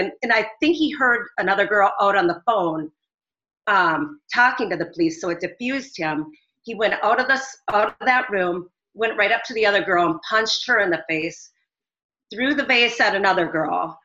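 A woman's voice: mid-range voice, normal speed, pushed and bright. A middle-aged woman, a business owner calling into a talk show, recounting events in an earnest, rambling way. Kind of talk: phone-in interview. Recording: dull lo-fi audio.

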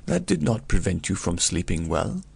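A man's voice: deep voice, big pitch swings, moderate pace, gravelly, darkish tone, slightly rough, exaggerated voice. A man voicing a fawning middle-aged innkeeper who hesitates with small fillers, in a storybook reading. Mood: uneasy. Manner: obliging, hesitant with "uh".

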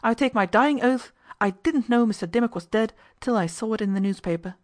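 A woman's voice: on the high side, expressive, brisk, voice pushed up, natural voice. A woman reading the part of a frightened, evasive woman who answers in a quavering, dogged, defensive way. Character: frightened, evasive lodging-house woman, stubborn.

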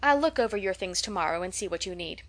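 A fussy society matron who scolds and corrects in a prim, nagging way, read by a woman. Her pitch sits in an ordinary middle range, and she is an audiobook figure. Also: lively intonation, fast, fairly bright tone, lightly acted. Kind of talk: audiobook character reading.

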